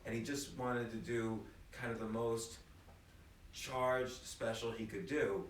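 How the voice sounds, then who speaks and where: Animated man, distant and echoey. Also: medium pitch, takes it slowly, slight background noise. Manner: animated storyteller, many restarts. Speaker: guest. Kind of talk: casual conversation. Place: apartment room. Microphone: phone recording from across the room. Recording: echoey room, distant phone mic, faint ambience.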